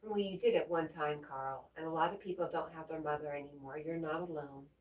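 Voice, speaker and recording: A woman hosting a livestream, reading viewers' messages aloud and answering them in a gentle, comforting way. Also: sits low, brisk. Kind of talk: casual livestream chat. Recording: roomy echo, mic at a distance.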